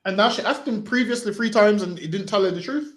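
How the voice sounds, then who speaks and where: A man street preaching forcefully, repeating himself and ending phrases with "man". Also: high voice, fast, reverberant.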